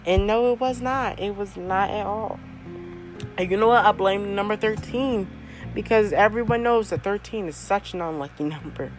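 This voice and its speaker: A young woman with a mid-range voice hosts her own podcast and rambles through a personal story. She talks casually, laughing often and filling pauses with ums and you-knows. Faint music plays under her voice. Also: medium pitch, rough recording. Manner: chatty, laughs often, many fillers. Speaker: podcast host.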